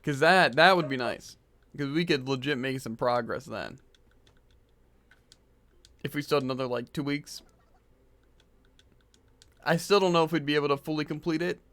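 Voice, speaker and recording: A man's voice: fairly high pitch, moderate pace, long pauses, a bit bright, no echo. A man streaming a game who is losing his voice, chatting casually and rambling with lots of fillers into a desk microphone at home. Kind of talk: casual gaming chat. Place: hot room at home.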